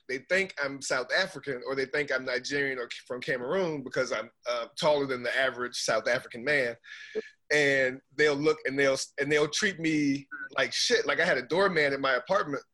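A man from the United States, a podcast guest chatting casually and telling stories, acting out the people he quotes. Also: medium pitch. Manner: animated storyteller, acts out quotes. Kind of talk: casual chat.

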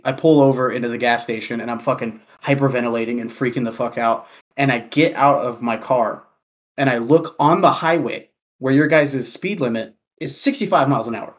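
A man from Kansas telling a story in casual chat, animated and profane, with lots of "like" fillers. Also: mid-range voice.

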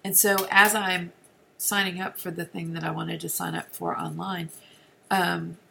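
Middle-aged woman with a fairly low voice, sharing an earnest testimony, sometimes sinking to a near-whisper. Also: flat delivery, measured pace, gravelly, a little hiss or hum. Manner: earnest, with frequent restarts and soft dips to near-whisper. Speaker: speaker sharing a personal testimony. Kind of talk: personal testimony storytelling.

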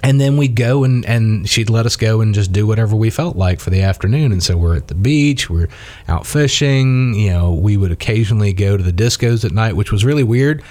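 A man's voice: on the low side, fairly quick, darkish tone, dry recording. A man from Mississippi chatting casually as a guest, telling rambling stories with many fillers and restarts. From Mississippi, USA. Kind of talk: casual conversation.

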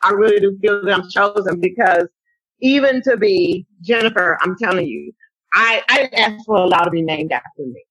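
Woman guest, husky and bright, animated storyteller, dry close sound. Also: mid-range voice, moderate pace, no room sound, rough recording. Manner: animated storyteller, acts out quotes. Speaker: interview guest, advocate. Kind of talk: conversational testimony.

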